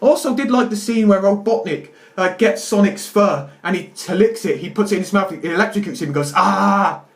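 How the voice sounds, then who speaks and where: A man's voice: high-pitched, a little fast, hardly any pauses. A young man rambling through a casual film review to camera at home, stammering and exaggerating for laughs. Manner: rambling, self-interrupting, jokey exaggeration. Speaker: video reviewer.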